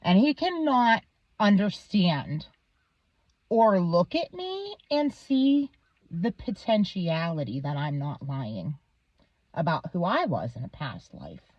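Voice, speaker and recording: Thirties woman vlogger, slow-paced and animated, constantly cursing, dry dull sound. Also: fairly low pitch, no echo. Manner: heated, swears constantly. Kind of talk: profane ranting monologue.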